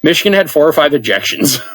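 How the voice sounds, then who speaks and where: A man's voice: on the high side, animated, brisk, fairly bright tone, dry recording. A man co-hosting a podcast in casual chat, chatting through a list of results. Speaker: podcast co-host.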